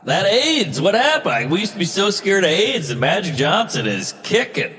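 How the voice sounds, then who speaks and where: A man's voice: high voice, sing-song, moderate pace, pushed and bright, in a large hall. A man on a podcast, chatting casually and firing off wisecracks and jokey asides.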